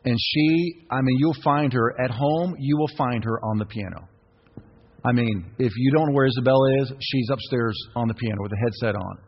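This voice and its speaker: A sermon from a middle-aged pastor with a mid-range voice at normal speed comes through a dull, reverberant church recording with slight background noise. In the sanctuary he exhorts the congregation, having them repeat his phrases back.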